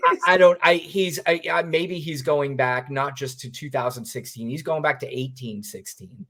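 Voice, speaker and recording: A man's voice: medium pitch, normal speed, noisy background. A man co-hosting a political podcast, talking bluntly and sarcastically with frequent profanity. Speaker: podcast co-host. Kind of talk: political commentary chat.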